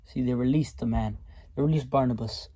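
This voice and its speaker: A man's voice: mid-range voice, a little fast, warm tone, breathy edge. A man doing a casual devotional Bible reading, often breaking off to comment emphatically in a folksy way.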